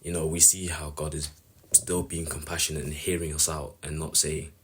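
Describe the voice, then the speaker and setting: A man's voice: extremely low pitch, level tone, normal speed, a bit bright, slight background noise. A man giving a casual devotional talk on a Bible passage, earnest and rambling as he thinks aloud. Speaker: Bible reflection speaker.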